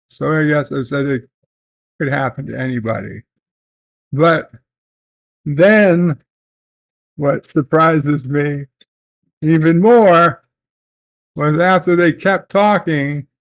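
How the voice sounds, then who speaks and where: A man vlogging from home, telling a family story in a slow, halting way with many fillers and restarts. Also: fairly high pitch, vocal fry. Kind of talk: casual storytelling. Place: at home, in bed.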